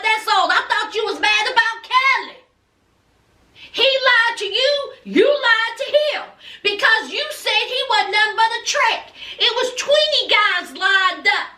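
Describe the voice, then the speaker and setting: Sassy woman, very high voice, slow delivery, dramatic reality-show recap, echoey room, mic at a distance. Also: pushed and bright. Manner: sassy, dramatic, addresses viewers directly.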